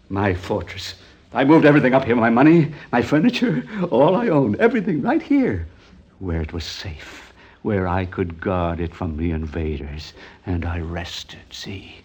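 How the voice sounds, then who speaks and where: An actor playing a paranoid, bitter older man who rants and stammers, lurching between loud outbursts and hushed mutters, in a radio drama. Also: lowish voice, husky. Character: bitter paranoid old man, armed, hoarding.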